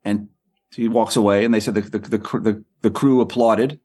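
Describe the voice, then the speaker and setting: Husky-voiced man telling lively anecdotes. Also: lowish voice. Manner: quick, repeats words and acts out quoted people. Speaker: author and guest. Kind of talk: animated anecdotal storytelling.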